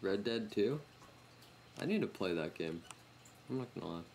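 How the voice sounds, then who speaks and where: Young guy doing let's play banter, lowish voice, noisy game audio behind. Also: animated, moderate pace, a little mellow. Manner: joking, teasing banter. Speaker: gaming YouTuber. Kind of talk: casual let's-play commentary. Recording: noisy gameplay capture.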